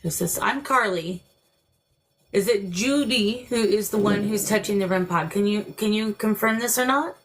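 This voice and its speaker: Casually chatting on her paranormal livestream from home, an older woman laughs and prods the spirits with questions. She speaks at medium pitch and normal speed.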